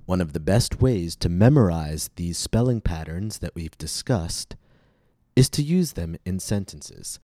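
A man with a very low, warm voice leads a pronunciation lesson. He speaks slowly and enunciates each word with care for learners to repeat. The sound is dry and close, with no room echo. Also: animated. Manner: slow, careful, clearly enunciated delivery. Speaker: pronunciation teacher and podcast host.

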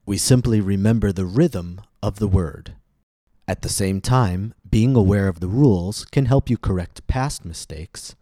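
A man with an American accent hosting a scripted pronunciation lesson, explaining slowly and humming out word melodies. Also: sits low, mellow, no room sound, studio quality. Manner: slow, deliberate, demonstrates words with hummed melodies. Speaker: podcast host and pronunciation teacher. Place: New York City.

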